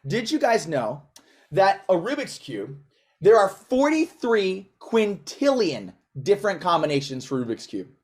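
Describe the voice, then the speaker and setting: A man's voice: high voice, sing-song, a little slow. A man performing as a magician, talking through his tricks in showy, self-mocking patter and chatting with volunteers. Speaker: magician performing for a live audience.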